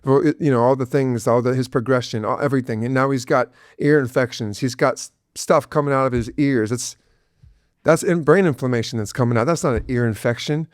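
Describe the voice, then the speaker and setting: An earnest middle-aged man talks about his son, emotion close to the surface, stumbling over his words and repeating himself. His voice sits in an ordinary middle pitch. The recording is dry and close, with little room sound. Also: a little fast, no echo. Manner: earnest, intense, many restarts and fillers. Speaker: guest, father of an autistic son. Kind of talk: emotional personal interview.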